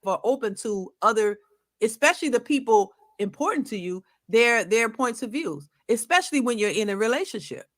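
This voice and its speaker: A middle-aged woman, married over twenty years, offers relationship advice on a talk panel in casual opinion talk. Her voice is a little high and animated, at normal speed. She's earnest, a little preachy, and often repeats herself.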